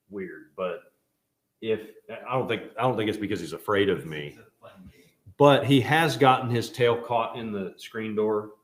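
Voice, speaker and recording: A man teaching a Bible class in a casual, joking way, telling animated stories. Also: fairly low pitch, roomy sound.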